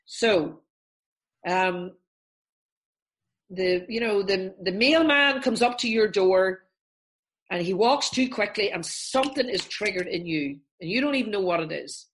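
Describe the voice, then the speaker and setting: A woman therapist, a guest on a podcast, explaining a calming technique step by step and acting out everyday examples in different voices. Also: mid-range voice, measured pace. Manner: animated, acts out examples in voices.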